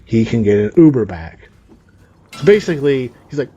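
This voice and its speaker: A man's voice: mid-range voice, animated, normal speed, dark tone, lo-fi sound, a little hiss or hum. A man reading a story aloud and breaking in with profane, sarcastic asides. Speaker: story reader and commentator. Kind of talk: reading a story aloud with reactions over gameplay.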